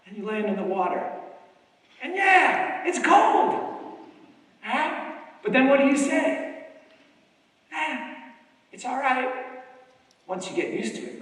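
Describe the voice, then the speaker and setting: A man's voice: high voice, a bit bright. A middle-aged man from New York City giving a rousing motivational stage speech, coaxing the crowd with repeated calls. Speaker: motivational speaker. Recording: echoey hall from far off, faint music.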